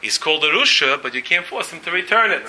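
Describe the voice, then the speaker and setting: A rabbi is teaching a Talmud lesson to a room of students. His voice is very bright and a touch higher than most men's. He speaks emphatically and keeps asking questions of his listeners. There is a faint hiss of noise under him. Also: expressive, quick pace, low-quality recording. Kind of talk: Talmud lecture with interjections from students.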